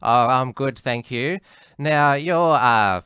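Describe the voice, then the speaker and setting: A man's voice: mid-range voice, slow, pushed and bright, clear, resonant tone, no echo. A man hosting an interview show, asking questions hesitantly with many uhs. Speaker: podcast host.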